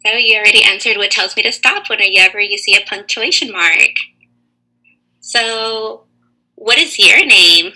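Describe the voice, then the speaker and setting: A woman teaching a lesson to young children over a video call, asking slow, clear, encouraging questions. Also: medium pitch, steady tone, bright, forceful tone, rough recording.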